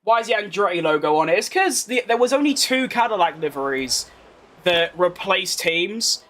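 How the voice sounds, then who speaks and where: Streaming a racing game live, a young Englishman from London answers chat in rambling asides, his London accent carrying a posh tinge. He speaks at normal speed in a high-pitched, expressive, slightly bright voice.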